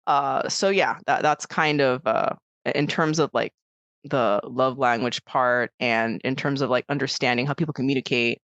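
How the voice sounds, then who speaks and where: A woman's voice: a bass voice, moderate pace, fairly bright tone, dry recording, dull audio. A woman co-hosting a podcast in casual chat, rambling with many fillers and restarts, acting out quoted voices as she tells stories. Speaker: podcast co-host.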